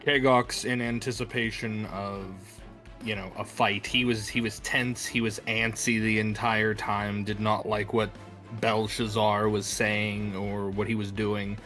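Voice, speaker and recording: A man's voice: on the low side, level tone, unhurried, sharp tone, soft background music. Casual man declaring his turn. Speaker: player. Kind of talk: casual tabletop play.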